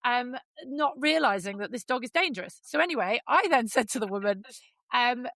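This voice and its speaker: A woman's voice: on the high side, expressive, moderate pace, a bit bright, dry recording. A woman hosting a casual podcast, telling a story with energy, acting out quoted lines and swearing freely.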